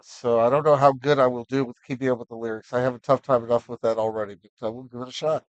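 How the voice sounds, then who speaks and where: A man's voice: mid-range voice, steady tone, quick pace, dry recording, muffled recording. A man hosting a live stream, talking casually and encouragingly with lots of fillers. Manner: encouraging, rambling with many fillers. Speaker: livestream host.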